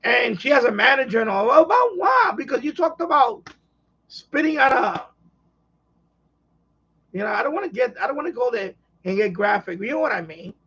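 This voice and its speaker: A man with a notably high, gravelly and husky voice rambles through a casual live stream chat. He sounds exasperated and ranting. The audio is dull and lo-fi. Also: big pitch swings, moderate pace, bright, forceful tone.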